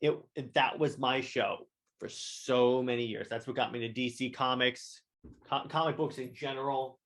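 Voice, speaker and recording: Young adult man, podcast host, excited, rambling, stammered restarts, mid-pitched voice. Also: normal speed. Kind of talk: solo podcast review.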